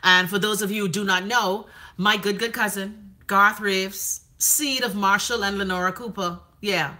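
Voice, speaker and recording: A woman's voice: mid-range voice, fairly even intonation, unhurried, sharp tone. A woman with a Bahamian accent, hosting a casual live stream, reading viewer comments and giving blunt, profane commentary.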